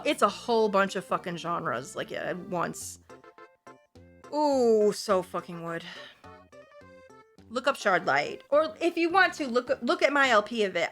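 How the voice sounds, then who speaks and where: A woman livestreamer chatting casually to her viewers, animated, profane and playfully gushing. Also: medium pitch.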